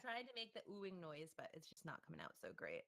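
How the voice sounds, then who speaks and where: A woman's voice: lowish voice, huge pitch swings, fast talker, fairly bright tone. A woman narrating a tabletop game as game master, playful and tossing in animal noises.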